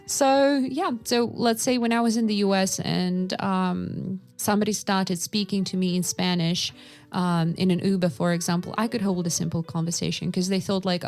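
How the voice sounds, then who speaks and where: A woman from Russia, co-hosting a casual podcast chat and telling lively anecdotes with quoted dialogue. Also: lowish voice, normal speed, vocal fry, soft background music. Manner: animated storyteller who acts out quoted dialogue. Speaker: podcast co-host, English teacher.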